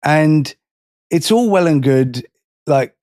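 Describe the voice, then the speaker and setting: A man's voice: on the high side, expressive, slow, darkish tone, dry recording. Man, podcast co-host, earnest, candid, dry recording. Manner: earnest and candid, speaks plainly. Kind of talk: casual podcast chat.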